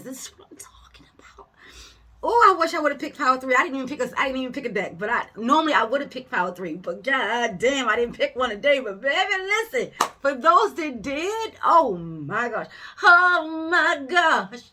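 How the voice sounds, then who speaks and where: A woman giving a casual tarot reading to her viewers, emphatic and animated, swearing freely, laughing often and calling them baby. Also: a little high, normal speed. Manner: addresses viewers as baby and y'all. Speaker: tarot reader.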